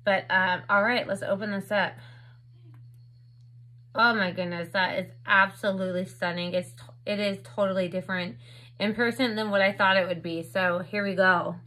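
A woman in her thirties talks casually to her camera at home as she unboxes makeup. Her bright, forceful voice sits at an everyday pitch, and she rambles freely with plenty of "like" and "um" fillers. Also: fairly even intonation, normal speed, rough recording. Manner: chatty, filler-heavy with lots of "like" and "um". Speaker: beauty vlogger. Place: home, indoors. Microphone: camera on a stand with ring light.

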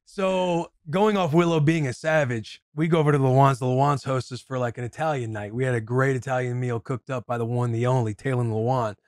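A man's voice: medium pitch, steady tone, dry recording, clean studio sound. A man co-hosting a podcast, telling a story in easygoing casual chat. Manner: easygoing storyteller, quick agreeing interjections. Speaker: podcast co-host.

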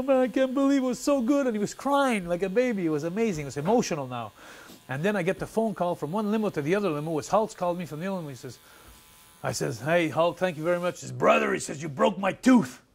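A retired pro wrestler from Canada tells stories in a fairly high voice. He jumps into the voices of the people he quotes and tells his tales with growing excitement. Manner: excited, laughing storyteller who acts out quotes. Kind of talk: animated storytelling interview.

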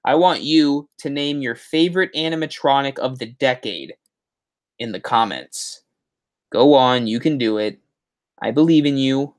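A man talks into a headset during a casual livestream. He chats in a rambling, easygoing way, reading out viewer comments, and his voice sits at a middling pitch. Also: a little slow. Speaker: YouTube livestream host.

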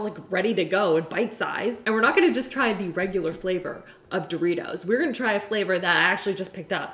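A young woman chatting casually through a cooking vlog in her home kitchen, bubbly and giggly. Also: mid-range voice. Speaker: cooking vlogger. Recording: echoey kitchen room.

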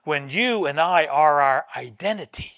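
A man preaching a sermon as pastor, telling a story with swings from soft asides to loud emphatic lines. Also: a little high, lively intonation, a little slow, no room sound, clean studio sound. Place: church sanctuary.

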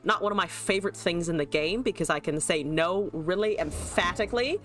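A woman's voice: lowish voice, a little fast. A woman streamer casually commentating her card game, joking, laughing and swearing freely.

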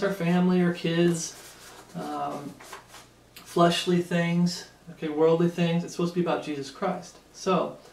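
Sitting high in pitch with a creaky quality, a man's voice drives home an emphatic Bible sermon, punctuated again and again by "Okay?". The room is echoey and the microphone sits well off from him.

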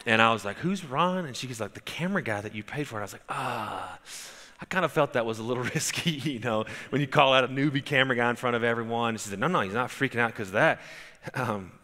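A man's voice: medium pitch, racing, bright, forceful tone, in a large hall. A man preaching a sermon as pastor, telling stories conversationally with frequent restarts. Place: church sanctuary.

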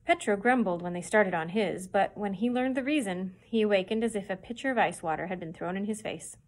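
A woman's voice: mid-range voice, a little fast, darkish tone. Woman reading a children's story aloud. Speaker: children's librarian. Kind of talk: reading a chapter book aloud.

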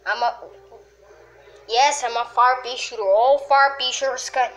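Sex: woman. Style: excitable let's play commentary, slow talker. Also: high-pitched. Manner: excitable, full of yelps and exclamations. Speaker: gamer.

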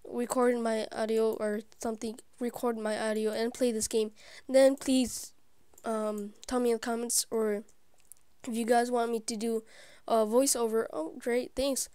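A woman hosting her gaming channel, giving live gameplay commentary; excitable and easily frustrated, she often drops into whispered asides. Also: fairly high pitch, unhurried, clean tone, dry recording, studio quality. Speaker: YouTube gaming channel host.

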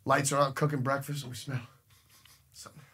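A man co-hosting a podcast, telling a story excitably and swearing, getting loud at the punchlines. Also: medium pitch, fairly quick, breathy edge. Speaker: podcast co-host. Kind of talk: casual chat. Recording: group chatter in the background.

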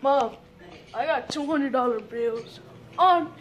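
A woman vlogger talks straight to her viewers in a casual, excitable way, swearing freely. Her voice sits high, and she speaks at an unhurried pace. A faint hiss sits behind her. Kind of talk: casual mail-opening vlog.

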